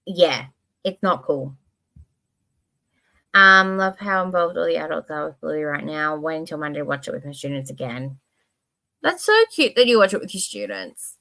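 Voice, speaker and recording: A woman's voice: deep voice, expressive, moderate pace, creaky, pauses often, bright, forceful tone. A woman hosting a casual livestream. She rambles from one thought to the next with lots of expression and a casual swear here and there. Now and then she reads comments from her chat aloud. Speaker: livestream host.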